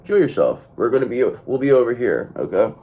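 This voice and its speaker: A man's voice: medium pitch, very animated, brisk, phone-quality sound. A man giving a blunt, profane tarot reading to his viewers, hammering points home by repeating the same phrase. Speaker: tarot reader.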